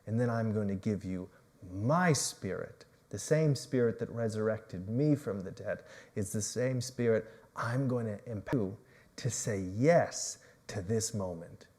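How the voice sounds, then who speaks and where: A man voicing a soft, earnest divine teacher. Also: medium pitch, voice pushed down. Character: calm, tender male divine teacher, inviting.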